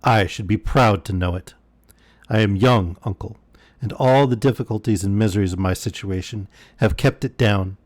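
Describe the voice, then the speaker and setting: A man's voice: fairly low pitch, normal speed, a little mellow, no echo, close to an everyday voice. A man reading aloud and voicing a proud young woman in distress, earnest and pleading.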